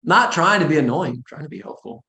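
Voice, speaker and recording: A man with a somewhat high voice gives an informal coaching talk, blunt and animated, dropping sarcastic asides. The recording carries a roomy echo. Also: fairly quick. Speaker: real estate coach.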